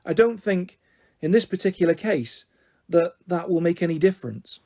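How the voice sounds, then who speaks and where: A man voicing a gentle, tactful mother in a storybook reading, speaking in a measured way. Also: sits high, expressive.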